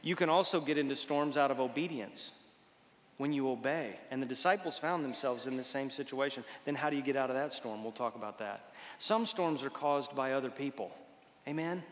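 Impassioned pastor preaching in a reverberant hall. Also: male voice, medium pitch, a little fast. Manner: impassioned, swings from loud fervor to hushed tones. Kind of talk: sermon.

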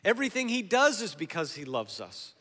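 Pastor, man, bright forceful voice, preaching in a reverberant church hall, shifts from hushed to loud. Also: high voice, huge pitch swings. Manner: swings from soft and slow to loud and emphatic. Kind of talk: sermon. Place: church sanctuary.

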